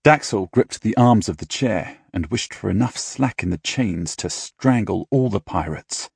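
A man reading an audiobook in measured, dramatic storytelling style, close to a studio mic. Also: lowish voice, expressive, vocal fry, husky, no echo. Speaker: audiobook narrator. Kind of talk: scripted audiobook narration.

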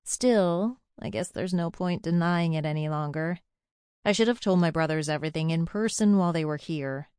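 A woman's voice: low voice, moderate pace, darkish tone, clean tone, no echo, studio quality. A young adult woman narrating a first-person audiobook in a chatty, confiding way.

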